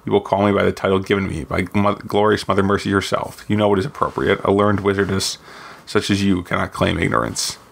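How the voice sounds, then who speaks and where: A man voicing a cold, smooth-spoken female imperial governor, in a low, even, gravelly voice. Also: fast talker. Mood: cool. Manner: smooth, coolly formal.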